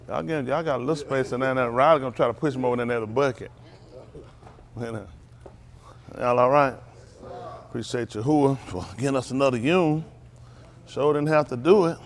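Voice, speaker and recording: In a congregation hall with a little background noise, a medium-pitched man warms up his flock before the sermon. The pastor keeps it informal, joking and teasing with the people in a relaxed back-and-forth.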